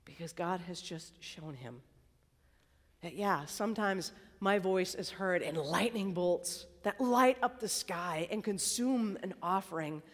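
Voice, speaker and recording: A woman preaching a sermon at a college worship service in a conversational, chatty way, sometimes dropping to a soft whisper. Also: fairly low pitch, measured pace, big-room sound. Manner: conversational, chatty, tag questions and "like"; drops to a soft whisper for emphasis. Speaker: campus preacher.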